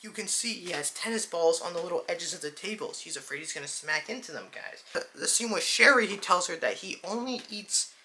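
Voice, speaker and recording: Excitable woman gushing about a movie, bright sharp voice, faint hiss behind. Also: fairly low pitch, fairly quick, hardly any pauses. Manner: excitable, chatty, addresses viewers as "dude" and "guys". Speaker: movie reviewer. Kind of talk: casual movie review vlog.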